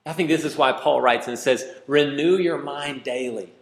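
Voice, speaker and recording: A male pastor preaching a sermon, pleading and emphatic, swinging from loud, high emphasis to quiet, low asides. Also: moderate pace, roomy sound. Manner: pleading, rising to emphatic then dropping quiet.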